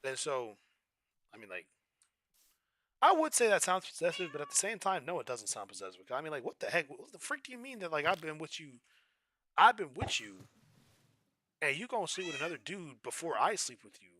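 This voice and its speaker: A young man streaming, telling a story in an animated, exasperated way. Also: a little high, brisk, slight background noise. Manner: animated, exasperated, rising to outrage.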